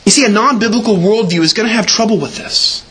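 A man's voice: high voice, fast, sharp tone. A man preaching a sermon as pastor, earnest and emphatic, leaning on repeated words.

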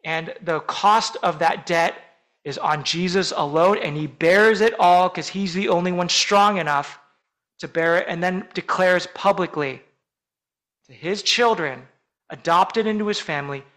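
Man, pastor, sermon, earnest, measured, emphatic pauses, somewhat high-pitched. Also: fairly bright tone, low-quality recording. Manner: earnest, measured preaching with slow emphatic phrases.

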